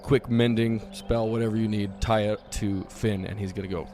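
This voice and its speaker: A man's voice: fairly low pitch, steady tone, normal speed. A man playing a tabletop role-playing game, playful and laughing often. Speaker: player.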